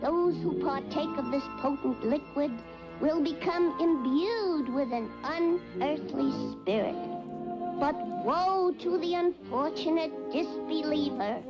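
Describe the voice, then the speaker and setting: Olive Oyl reading a spooky tale. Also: female voice, sits high. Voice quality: dramatic, ominous storytelling reading. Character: slender young woman reading ghost stories aloud. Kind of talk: 1950s cartoon voice acting. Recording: dull lo-fi 1950s cartoon soundtrack. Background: loud spooky music.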